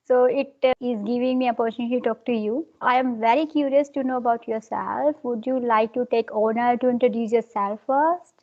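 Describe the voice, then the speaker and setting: A woman chatting on a call, polite and curious, with quick laughs and simple phrasing. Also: on the high side, fairly even intonation. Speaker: conversation partner. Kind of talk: casual conversation. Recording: dull lo-fi call audio.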